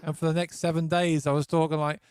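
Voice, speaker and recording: A man's voice: a little high, flat delivery, fast talker, a little mellow, clear, resonant tone, no echo, studio quality. A man from England, a musician guest, chatting casually on a video stream and often repeating words as he restarts sentences.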